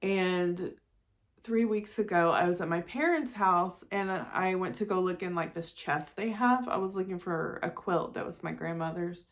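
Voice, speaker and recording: A fairly low-pitched woman's voice at a moderate pace: a vlogger likely in her forties, talking frankly and emotionally to her viewers in a casual chat, with bits of self-directed laughter.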